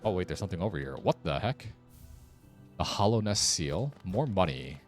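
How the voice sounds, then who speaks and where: Low-voiced man with lively, wry commentary. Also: normal speed, soft background music. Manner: wry, sarcastic muttering to himself. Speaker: streamer. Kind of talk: casual gameplay commentary.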